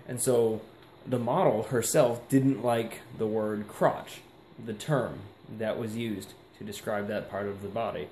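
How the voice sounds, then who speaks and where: Speaking a bit slowly, a young man with a fairly low, mellow, steady voice rambles reflectively in a casual vlog full of fillers. The recording has room echo and faint hiss.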